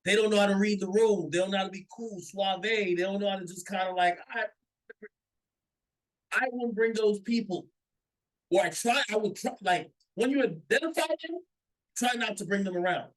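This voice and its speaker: A man's voice: high-pitched, moderate pace, rough recording. A man commenting casually on a played clip, opinionated, often stammering and repeating words. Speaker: reaction commentator.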